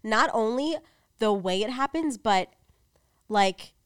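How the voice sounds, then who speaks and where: A woman's voice: on the high side, animated, slow pace, smooth, no room sound. A young woman with a stuffy, congested voice hosts a casual chat show. She rambles along with plenty of fillers. The recording is dry and close, with no room sound. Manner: rambling, filler-heavy, chatty. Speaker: podcast co-host.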